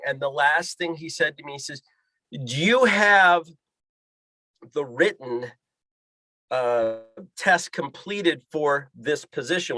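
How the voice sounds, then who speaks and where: Lively storytelling man, slightly high voice. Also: no room sound. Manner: acts out voices in quoted dialogue. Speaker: guest, pilot and fishing guide. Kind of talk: animated storytelling.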